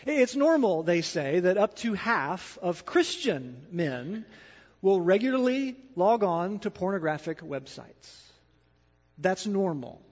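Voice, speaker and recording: High-voiced man preaching in a reverberant hall. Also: sing-song, takes it slowly. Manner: emphatic preaching, swinging between loud declarations and hushed asides. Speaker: pastor. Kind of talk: sermon. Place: church sanctuary. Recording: dull sound with long hall reverb.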